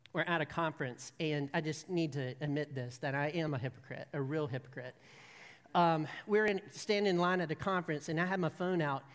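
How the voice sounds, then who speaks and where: Woman preacher in an echoing hall. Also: on the low side. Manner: conversational storytelling, humorous then earnest. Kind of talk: sermon. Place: church sanctuary. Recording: long reverb of a large hall.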